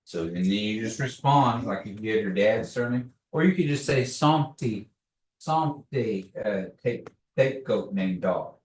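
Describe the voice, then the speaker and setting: A man teaching a language class, patiently repeating words slowly for learners. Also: fairly low pitch, animated, darkish tone. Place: classroom, echoey room. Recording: echoey room, distant mic.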